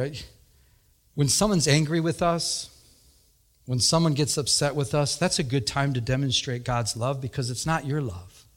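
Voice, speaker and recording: A middle-aged man preaching a sermon as pastor, moving from personal storytelling to emphatic preaching. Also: mid-range voice.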